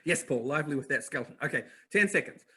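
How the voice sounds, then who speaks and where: A man with a New Zealand accent hosting a live online masterclass, upbeat and energetic, talking straight to viewers in chat. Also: on the high side, fast, slightly rough. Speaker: webinar host.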